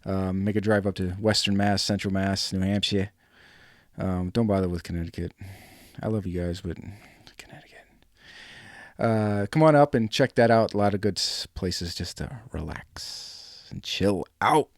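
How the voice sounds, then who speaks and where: An adult New England man, married ten years, hosts a casual solo podcast, rambling along with plenty of fillers. His low voice stays steady at a moderate pace, recorded clean in a studio with no room sound.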